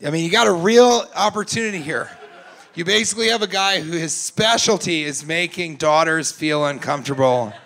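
With a gravelly, fairly bright voice on the high side and a moderate pace, a man performs brash, profane crowd work on a comedy club stage for a live audience. He teases the people in front of him and lapses into mocking impressions of them.

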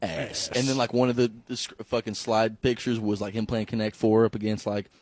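A man's voice: on the low side, level tone, a little fast, background noise. A man co-hosting a comedy podcast, trading crude jokes in casual banter and laughing often. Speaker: podcast co-host.

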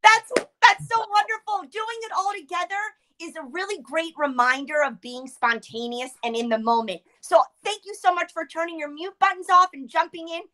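Upbeat woman coaching a group warmup on a video call, high bright voice. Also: moderate pace, few pauses. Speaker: warm-up leader. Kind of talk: guided group warm-up exercises.

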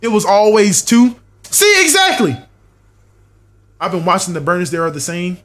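A young gaming streamer with a high-pitched, fast voice plays a horror game live. He mutters checklists to himself, swears, and talks back to his chat.

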